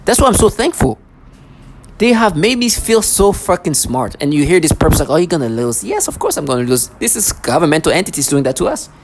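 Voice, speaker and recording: A woman's voice: on the low side, sing-song, fairly quick, a little mellow, a little hiss or hum. Agitated woman ranting with sarcasm. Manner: agitated, repetitive, stumbling restarts; sarcastic mocking asides. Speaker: vlogger. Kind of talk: ranting monologue to camera.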